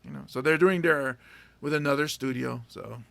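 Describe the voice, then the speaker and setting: Rambling man with a bright gravelly voice. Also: medium pitch, moderate pace. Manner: rambling anecdotes with many fillers and restarts. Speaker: podcast host and stand-up comedian. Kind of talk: casual storytelling chat.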